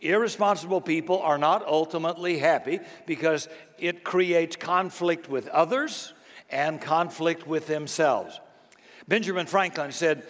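A man's voice: fairly high pitch, fairly bright tone. Folksy older man preaching, long reverb. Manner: folksy, storytelling, slow and deliberate. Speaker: pastor. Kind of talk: sermon.

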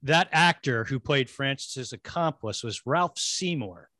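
Animated man on a dry close mic. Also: mid-range voice, measured pace, dry recording. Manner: animated, laughs, mimics characters. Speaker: podcast host. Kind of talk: casual film discussion.

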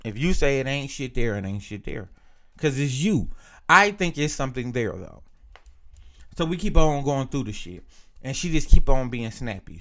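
A man's voice: mid-range voice, a bit bright. A young man casually telling a profane story, acting out both sides of an argument.

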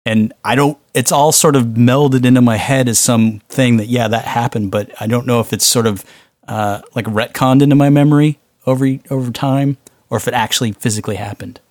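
A man's voice: mid-range voice, fairly even intonation, brisk, a little mellow, dry recording, studio quality. A man co-hosting a podcast in casual chat, laughing often and asking questions. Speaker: podcast co-host.

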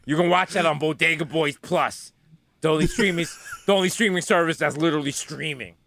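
A man co-hosting a podcast in casual chat, animated and jokey, rattling off nicknames. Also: fairly high pitch, fairly quick. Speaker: podcast co-host.

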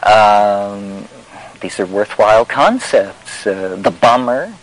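A man's voice: on the low side, takes it slowly, rough recording. A man giving a discursive spoken talk in a wry, meandering and emphatic way, full of fillers. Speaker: lecturer.

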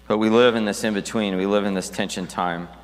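A man's voice: lowish voice, fairly even intonation, brisk, in a large hall. A man preaching a sermon as pastor, talking conversationally with restarts and reading scripture aloud.

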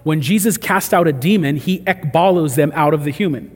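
A man's voice: a little high, brisk, breathy edge, big-room sound. A man preaching a sermon in a conversational way, acting out the voices he quotes. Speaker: pastor.

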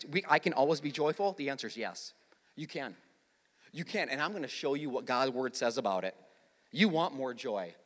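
High lively bright-voiced guy preaching, jokey stories, echoey church hall. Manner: animated storytelling with jokes and audience prompts. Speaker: pastor. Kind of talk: sermon. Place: church auditorium.

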